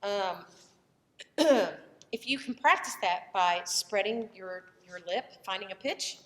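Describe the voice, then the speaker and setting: A woman's voice: medium pitch, animated, slow pace, long reverb tail. A woman voice teacher who has a cold, explaining the vocal tract in a loose, conversational lesson and breaking into short vowel demonstrations.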